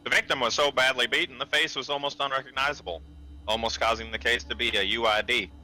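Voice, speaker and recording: A man's voice: medium pitch, fairly even intonation, fast talker, bright, forceful tone, poor audio. A man voicing a male television news anchor with clipped broadcast delivery. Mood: grave.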